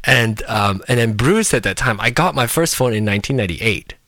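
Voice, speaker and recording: A playful man from Malaysia hosts a podcast in casual chat, teasing his co-host and bursting into laughter. His voice is bright and lively in pitch. It is recorded close and dry. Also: a little fast, no echo.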